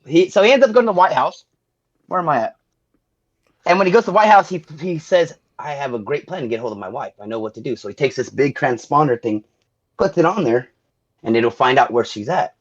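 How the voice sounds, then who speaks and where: A man with a slightly high voice rambles through a movie recap, acting out quoted lines and dropping curse words. The audio is dull and lo-fi, like a home podcast mic. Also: animated, a little fast. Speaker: podcast host. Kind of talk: casual movie recap chat.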